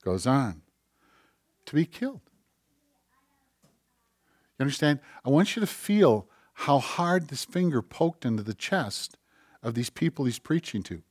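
A man preaching a sermon, moving between soft, conversational asides and forceful, rising preaching. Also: mid-range voice, sing-song, measured pace, long pauses, slightly rough, no echo, studio quality. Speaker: pastor.

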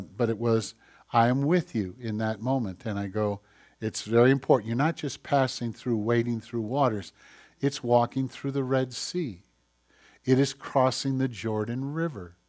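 Man preaching a conversational sermon. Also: mid-range voice. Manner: storytelling, asks the congregation questions, quotes scripture slowly. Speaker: pastor.

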